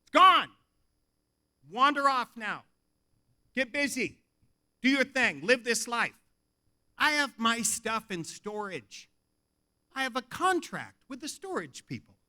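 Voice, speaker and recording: A man's voice: very high voice, takes it slowly, long pauses. A man giving a funny recovery talk at a convention, telling casual stories and acting out conversations. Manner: animated, casual, swears, acts out dialogue. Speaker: AA convention speaker. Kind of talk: humorous recovery talk, storytelling. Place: hotel convention hall.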